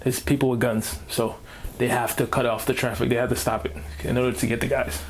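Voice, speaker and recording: A man's voice: mid-range voice, flat delivery, fairly quick, slight background noise. A man hosting a reaction video, ranting casually in slang and repeating himself as he talks.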